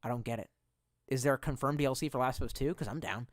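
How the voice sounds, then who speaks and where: A fast-talking man with a medium-pitched voice, recorded without echo, chats casually on a livestream and responds to chat. Cursing often, he rambles and at times drifts off into mumbling.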